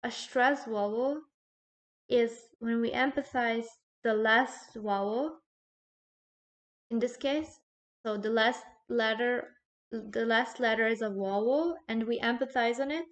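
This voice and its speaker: A woman teaching a recorded grammar lesson, explaining slowly and checking in with "okay?" between points. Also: a little high. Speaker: language teacher.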